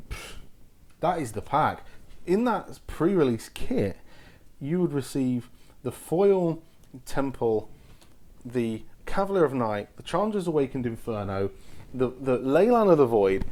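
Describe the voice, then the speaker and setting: Excitable man opening card packs. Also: medium pitch, takes it slowly, long pauses. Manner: excitable, exclaims at each pull. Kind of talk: casual commentary while opening packs.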